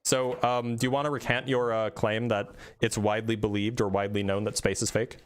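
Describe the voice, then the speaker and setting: A man hosting a live debate stream, talking casually and quickly, often restarting his sentences in a self-deprecating way. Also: lowish voice, little pitch movement, smooth.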